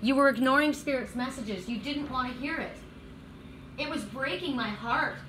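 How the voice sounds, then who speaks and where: A middle-aged woman giving a casual, emotional oracle card reading, excitable and tearful, swearing freely. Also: sits high, moderate pace, slight background noise. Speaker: tarot and oracle card reader.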